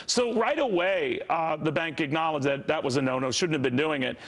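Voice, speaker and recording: A man's voice: on the high side, a little fast, a bit bright. Wry man hosting TV panel. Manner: wry, mock-indignant, many uh fillers. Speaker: TV business news host. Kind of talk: TV panel discussion.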